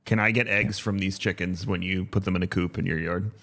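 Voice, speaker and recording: Dad in his 30s cohosting a podcast, lowish voice, laid back, lots of ums. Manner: relaxed, halting with fillers. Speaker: podcast co-host. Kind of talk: casual podcast chat.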